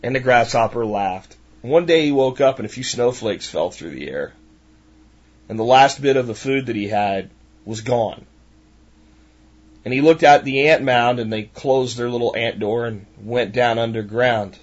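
A man's voice: medium pitch, moderate pace, dull audio. A man hosting a podcast who talks in a passionate, emphatic, ranting way. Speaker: podcast host. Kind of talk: monologue podcast.

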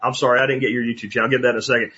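A man hosting a podcast, chatting casually with rambling, animated asides. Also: mid-range voice, very fast, husky. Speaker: podcast host. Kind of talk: casual interview chat. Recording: dull lo-fi audio.

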